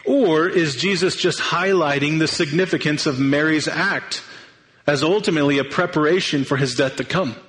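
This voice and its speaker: A man's voice: a little high, a bit bright, low-quality recording. A man preaching a sermon, earnest and thinking aloud, sometimes restarting his sentences. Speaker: pastor.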